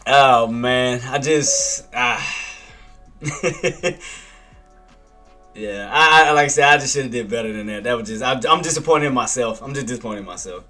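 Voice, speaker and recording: A man's voice: medium pitch, normal speed, long pauses, sharp tone, faint music behind. A male day trader streaming live commentary, talking straight to his chat and scolding himself with the same phrases over and over. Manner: self-critical, repeats himself, talks to chat by name.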